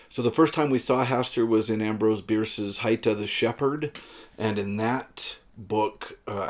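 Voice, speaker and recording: A man giving a casual, rambling book talk with frequent fillers. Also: on the low side. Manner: relaxed, rambling with frequent uhs. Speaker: book reviewer.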